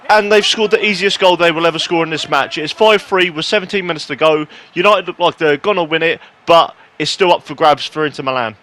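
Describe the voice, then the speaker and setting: A man commentating play-by-play over a football video game, excitable, breaking into shouts at goals and poking fun at himself between plays. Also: fairly high pitch, fast, hardly any pauses, slight background noise. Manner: excitable, rising to shouts on goals, self-mocking asides. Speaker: gaming YouTuber.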